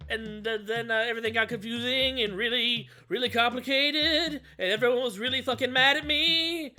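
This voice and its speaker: A woman streamer narrating a comedic tabletop adventure, crude and animated with loud outbursts. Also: on the high side, moderate pace, few pauses, soft background music. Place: home streaming setup.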